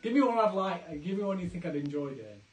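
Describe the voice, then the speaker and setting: A man's voice: high voice, lively intonation, fast, roomy sound, soft background music. A man hosting a live online pub quiz, chatty and jokey, often going off on tangents. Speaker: quiz host.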